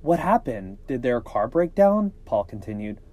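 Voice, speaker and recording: A man reads a scary story aloud for a podcast in a mellow, warm voice. He keeps it casual, stumbling on a word here and there and breaking off for joking asides. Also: mid-range voice, sing-song, moderate pace. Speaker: podcast host reading scary stories.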